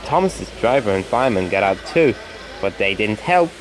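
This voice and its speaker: Expressive man reading a storybook. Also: fairly low pitch, moderate pace, a crowd in the background. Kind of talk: reading a children's storybook aloud.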